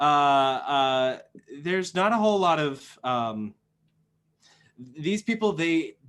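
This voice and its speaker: A man running a tabletop game, describing scenes in a loose, rambling way. His voice sits a little high for a man, and he keeps circling back mid-sentence. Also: fairly bright tone. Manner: rambling, full of fillers and restarts. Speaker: game master.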